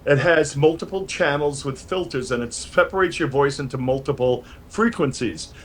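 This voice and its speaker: An older New Yorker, a musician, appears as a guest over a video call from a home studio crammed with gear. His voice is a little high and his pace normal as he tells lively, rambling stories with many restarts.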